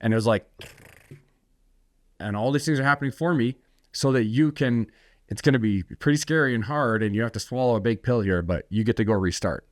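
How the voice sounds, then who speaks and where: A man's voice: mid-range voice, fairly quick, no echo, studio quality. A man telling his story as a podcast guest, blunt and intense, swearing freely and often restarting his sentences. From United States. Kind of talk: candid storytelling in a conversation.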